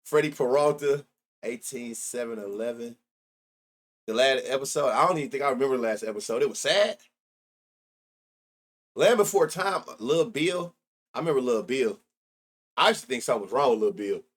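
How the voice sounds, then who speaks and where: Animated at a moderate pace, this medium-pitched man pauses often while hosting his sports betting live stream. Middle-aged and profane, he chats loosely, recalling the past and reacting to his chat.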